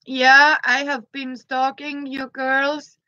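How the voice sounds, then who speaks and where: A woman, chatting gently on a live stream and greeting her viewers by name. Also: high voice, flat delivery, slow pace, dry recording, muffled recording. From Denmark. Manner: greets viewers by name between thoughts, gentle, frequent soft laughs. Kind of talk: casual live-stream chat.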